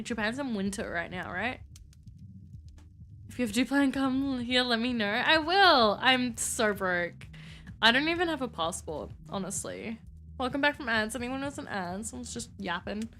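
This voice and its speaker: A woman's voice: a little high, animated, normal speed, a bit bright. A woman chatting casually with her chat while live-streaming a game, rambling and filling with "like".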